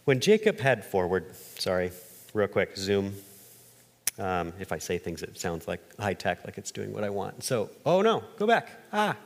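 A man preaching a conversational sermon from a church stage, with animated delivery, quick jumps in pitch, and casual asides. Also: gravelly. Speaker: pastor. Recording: long hall reverb.

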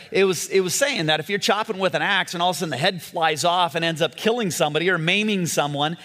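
Middle-aged guy preaching, chatty storyteller voice, kinda high for a man, long echo like a big hall. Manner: conversational, animated storytelling with voiced asides. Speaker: pastor. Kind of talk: sermon.

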